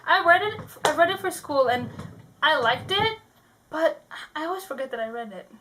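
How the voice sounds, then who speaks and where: A woman's voice: sits high, animated, moderate pace, fairly bright tone. A young woman co-hosting a book channel, chatting casually and giggling, trailing off with fillers. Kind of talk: casual chat.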